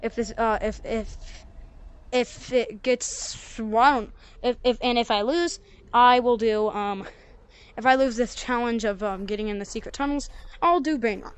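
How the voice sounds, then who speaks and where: A young female gamer giving rambling, excitable commentary over her gameplay and yelling when she fails. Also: on the high side, moderate pace, clean tone. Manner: excitable, yells at failures, rambling. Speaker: gaming channel creator.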